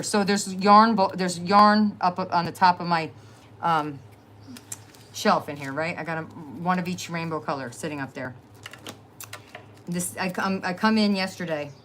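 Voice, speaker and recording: A woman's voice: fairly low pitch, slight background noise. A middle-aged woman with a New Jersey accent, hosting a casual crafting livestream in a chatty, rambling way, laughing often. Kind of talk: casual live-stream chat.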